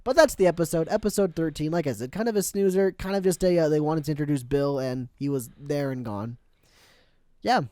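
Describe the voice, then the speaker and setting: A man's voice: fairly high pitch, a little fast, a little mellow, dry recording. A man co-hosting a casual podcast, recapping episodes with lots of giggling and silly quoted voices. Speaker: podcast co-host.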